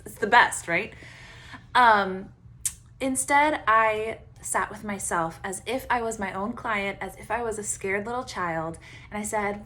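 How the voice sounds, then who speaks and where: A woman coach giving casual self-help advice, animated and quick to laugh as she acts out her own inner voice. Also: medium pitch. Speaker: Enneagram coach, podcast host.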